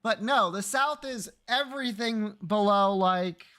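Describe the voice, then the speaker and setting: A man's voice: sits high, a little slow, sharp tone, slight background noise. A man streaming live, chatting casually with his viewers, teasing and joking and swearing freely.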